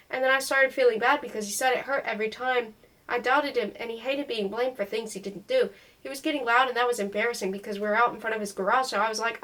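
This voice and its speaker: A woman's voice: a little high, steady tone, fast, a bit bright, low-quality recording. A woman reading a novel aloud in first-person narration, voicing the dialogue as she goes. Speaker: audiobook reader.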